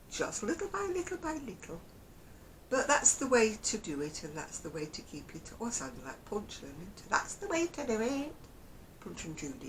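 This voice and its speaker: A chatty woman with a Northern English Lancashire accent rambles along in a casual vlog to camera. Her pitch rises and falls a great deal, and she often breaks into small chuckles. A faint low rumble sits in the background. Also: poor audio. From Oldham, England. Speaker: crochet vlogger.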